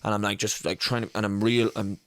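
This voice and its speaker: A man's voice: lowish voice, fairly quick, no echo, studio quality. Laughing young man telling a story. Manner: animated, laughing storyteller, swears freely. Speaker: podcast co-host. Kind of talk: casual storytelling chat.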